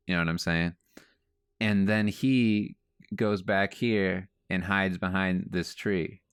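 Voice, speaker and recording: A man with a low, smooth voice tells a meandering story at an unhurried pace, with lots of casual asides. The sound is dry and close, with no room around it. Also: no echo. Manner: rambling, animated storytelling with frequent asides. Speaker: comic artist and podcast host. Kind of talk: casual storytelling while drawing.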